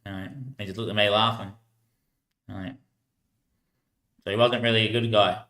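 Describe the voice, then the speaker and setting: An Australian man rambling through casual stories about life on the streets, laughing often and trailing off quietly at the ends of his lines. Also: on the low side, flat delivery, moderate pace, roomy sound. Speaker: homeless man telling stories.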